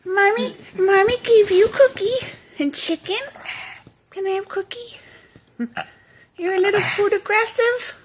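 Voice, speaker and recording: A woman's voice: very high voice, unhurried, pauses often, slight background noise. A woman filming her dog at home, talking to it in playful, coaxing baby talk and laughing often. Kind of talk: casual baby talk to a pet.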